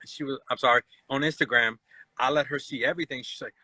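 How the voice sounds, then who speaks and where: A man's voice: medium pitch, fast, bright, forceful tone, slightly rough, no room sound, rough recording. A man in his forties hosting a casual live chat, telling stories and acting out the voices he quotes. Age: 40s. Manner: storytelling, acts out quoted voices. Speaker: host.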